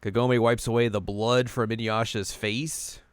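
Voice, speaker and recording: Dry, clear-voiced man recapping anime. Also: medium pitch, level tone, no room sound. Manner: retells scenes with quick goofy character voices. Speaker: podcast co-host recapping anime. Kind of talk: casual recap chat.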